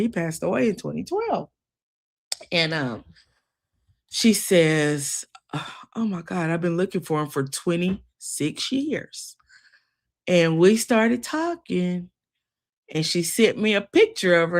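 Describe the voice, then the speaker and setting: A woman hosting a casual news commentary show, folksy and chatty, talking straight to her listeners. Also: lowish voice. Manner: chatty, folksy, addresses listeners as y'all and child. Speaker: host.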